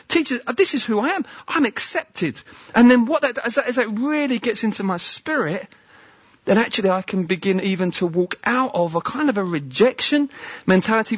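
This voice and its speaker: Husky, chatty male preacher. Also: sits high, dry recording, highs cut off. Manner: chatty, asks the listeners questions. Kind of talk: conversational sermon.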